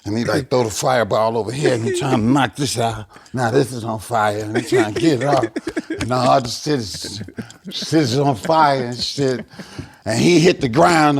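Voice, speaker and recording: A middle-aged man, a guest comedian, telling a casual story in a gravelly voice and acting out the people in it. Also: mid-range voice, normal speed, crowd noise. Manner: animated storyteller, acts out shouted quotes.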